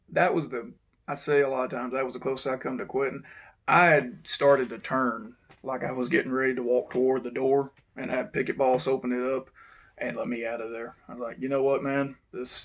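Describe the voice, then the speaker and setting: Gravelly ex-guard, blunt storyteller, mid-pitched, swears casually. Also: male voice, steady tone, moderate pace, highs cut off. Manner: blunt, frank, swears now and then. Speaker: former correctional officer. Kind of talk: casual first-person storytelling.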